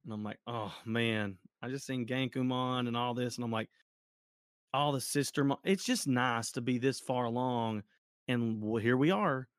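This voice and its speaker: A man co-hosting a casual card game podcast, talking excitedly and laughing often, with sudden jumps up in pitch. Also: normal speed, clear, resonant tone, no echo, clean studio sound.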